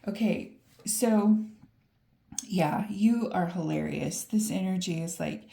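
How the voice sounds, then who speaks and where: A woman's voice: on the low side, slow pace, vocal fry, dark tone. A woman giving a casual, upbeat tarot reading to camera, laughing often and talking straight to the viewer. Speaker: tarot reader. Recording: roomy echo.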